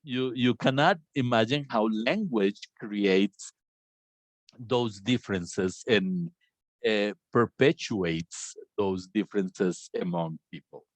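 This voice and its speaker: A Colombian man, a native Spanish speaker, hosting an online academic discussion in English in a reflective, halting way. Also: fairly low pitch, dry recording. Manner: reflective, halting, many restarts. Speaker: conversation host. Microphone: video call.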